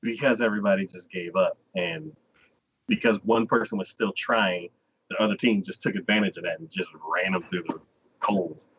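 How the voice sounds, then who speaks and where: A man's voice: fairly low pitch, normal speed, a bit bright, slightly rough, lo-fi sound. A man hosting a podcast who casually retells anime episodes in a rambling way, laughing often, into a desk mic. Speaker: podcast host. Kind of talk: casual anime review chat.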